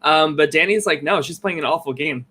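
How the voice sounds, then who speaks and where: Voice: medium pitch, a little fast, fairly bright tone, husky. A podcast co-host speaking steadily and steering the casual chat back on track.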